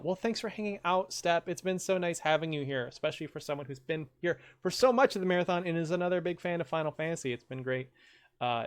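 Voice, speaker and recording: Man chatting on a game stream. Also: medium pitch. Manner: joking, crude, rambling with frequent laughs. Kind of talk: casual live-stream commentary.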